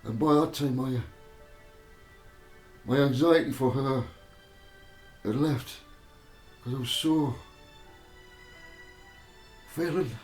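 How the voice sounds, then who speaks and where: Slow, halting man telling a testimony. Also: medium pitch, a little mellow. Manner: halting, repeats words and restarts often. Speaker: storyteller giving a spiritual testimony. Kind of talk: personal testimony storytelling. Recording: roomy echo with faint music behind.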